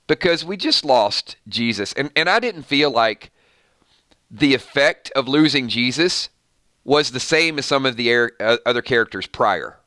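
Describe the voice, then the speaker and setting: A man's voice: medium pitch, animated, a little slow, bright, forceful tone, no room sound, studio quality. A man hosting a casual live stream with his morning voice, rambling through viewer comments with fillers and restarts. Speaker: YouTube channel host.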